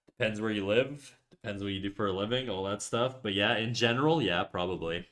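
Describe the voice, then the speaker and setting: A man's voice: fairly low pitch, a little fast, a bit bright. A young Canadian man with a Canadian accent, chatting casually and swearing freely as he draws on a live stream. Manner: loose, joking, swears often. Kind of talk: casual chat while drawing.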